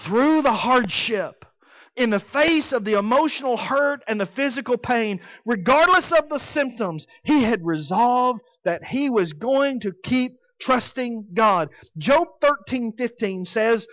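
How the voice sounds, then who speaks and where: Emphatic high-voiced male preacher. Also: expressive, a little slow, no echo, lo-fi sound. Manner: emphatic, swinging between soft and loud. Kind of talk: sermon.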